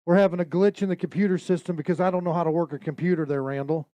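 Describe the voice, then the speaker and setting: High-voiced joking weigh-in emcee man. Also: rapid-fire, dry recording. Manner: energetic, joking, calls out weights to a crowd. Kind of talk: live event announcing.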